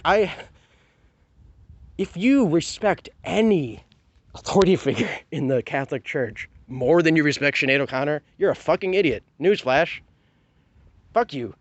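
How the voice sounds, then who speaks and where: Fuming guy swearing his way through a rant, sarcastic, kinda high voice, dry no-echo sound. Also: animated, unhurried, long pauses, muffled recording. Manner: profane, heated and sarcastic, with many rhetorical questions. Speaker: vlogger. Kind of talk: angry personal rant to camera.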